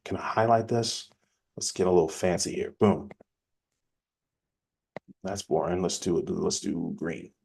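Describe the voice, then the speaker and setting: Man, business coach, casual teaching talk, energetic, conversational, lowish voice. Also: creaky. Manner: energetic, acts out quick example dialogues; conversational, plainspoken.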